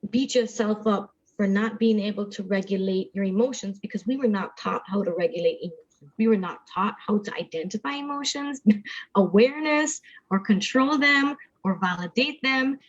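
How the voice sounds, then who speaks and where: A woman talks things through like a counselor, earnest and animated. Her voice sits a little high. The audio is dull and lo-fi. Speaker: therapist guest. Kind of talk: conversational talk show discussion. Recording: muffled lo-fi audio.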